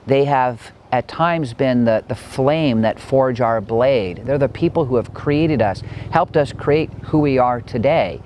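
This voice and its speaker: A man's voice: mid-range voice, measured pace, few pauses, slight background noise. Middle-aged male motivational speaker, mid-range voice, earnest and conversational, at home. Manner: earnest and reflective, chatty with frequent "like" and "you know"; animated when recounting, with light laughs. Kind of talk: personal motivational talk. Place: at his own home.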